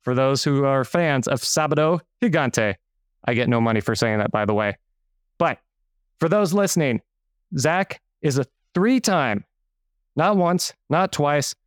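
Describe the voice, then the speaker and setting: A man's voice: mid-range voice, animated, a little slow, smooth, dry recording. Upbeat podcast host, a man, dry mic. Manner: upbeat, playful, hypes the guest. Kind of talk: scripted intro, then casual interview.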